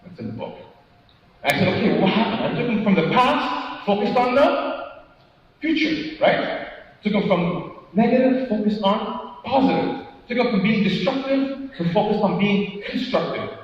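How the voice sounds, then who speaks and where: A high-pitched man speaks as a motivational speaker at a conference. He questions the crowd, acts out little stories in quoted dialogue, and ends his points with "right?". The recording is dull and distant, with a heavy echo in a large hall and a faint hiss underneath. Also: expressive, moderate pace. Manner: engaging, keeps asking the audience questions and tagging "right?". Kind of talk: interactive conference keynote talk. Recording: echoey hall from far off, dull sound.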